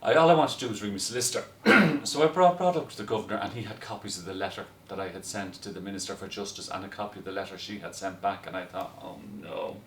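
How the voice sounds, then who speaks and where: A man telling a story in a lively, casual way, often laughing as he goes. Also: on the low side, fast talker, few pauses. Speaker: guest telling stories. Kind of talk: casual anecdote. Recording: roomy echo, distant from mic, faint noise.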